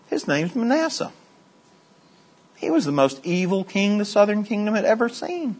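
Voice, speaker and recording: A middle-aged man teaching a Bible study, moving from quiet asides to high, excited storytelling. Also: moderate pace, pauses often.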